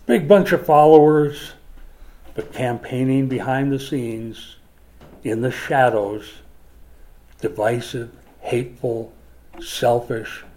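A man from Minnesota preaching a sermon as a pastor, emphatic and swinging from forceful lines to hushed ones. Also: mid-range voice, steady tone, takes it slowly, long pauses. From Minnesota, USA.

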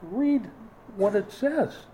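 Male pastor, sermon delivery, emphatic with dry wit, voice sits a touch high. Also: lively intonation, drawn-out words, dark tone, slight background noise, low-quality recording. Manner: emphatic preaching with dry humorous asides.

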